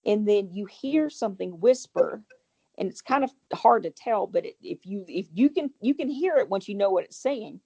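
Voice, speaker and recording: A woman, a guest homeowner, telling a ghost story in a chatty, rambling way with quick restarts. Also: medium pitch, animated, gravelly, warm tone, slightly rough. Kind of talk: casual storytelling.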